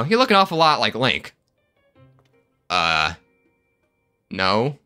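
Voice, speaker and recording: Animated, joking man on gameplay. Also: medium pitch, slow pace, soft background music. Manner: jokey, animated, yelps and laughs. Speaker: gaming video host. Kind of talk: comedic gameplay commentary.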